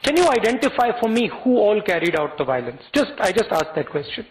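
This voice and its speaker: A man with an Indian English accent gives a speech to college students, telling a personal story in an earnest, halting way, with restarts and quoted dialogue. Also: sits high, very animated, rough recording. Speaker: guest speaker addressing college students.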